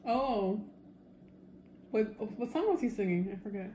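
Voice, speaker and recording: A woman's voice: mid-range voice, animated, measured pace, warm tone. A woman co-hosting a casual unboxing video, patiently prompting with questions. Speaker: co-host of an unboxing channel. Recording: echoey room with faint background hum.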